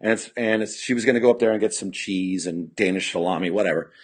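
A man's voice: low-pitched, quick pace, husky. Man rambling through a story. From California. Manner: rambling, heavy on "you know" fillers; acts out quoted dialogue. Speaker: podcast guest, punk musician. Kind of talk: casual storytelling. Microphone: podcast studio mic.

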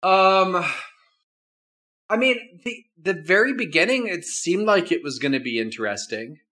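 A man's voice: high-pitched, lively intonation, unhurried, sharp tone. A man co-hosting a podcast, chatting casually about a movie, laughing easily and acting out scenes as he retells them. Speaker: podcast co-host. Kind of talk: casual movie-review chat.

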